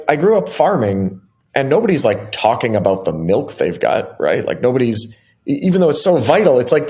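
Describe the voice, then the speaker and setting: A middle-aged American software engineer, appearing as an interview guest, tells stories in a casual, animated way. His voice is medium-pitched, and he uses lots of fillers and restarts.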